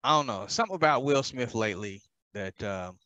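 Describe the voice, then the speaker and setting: A man's voice: mid-range voice, lively intonation, brisk, pushed and bright, no room sound. A man co-hosting a podcast, teasing his co-host with dry, blunt remarks during casual banter.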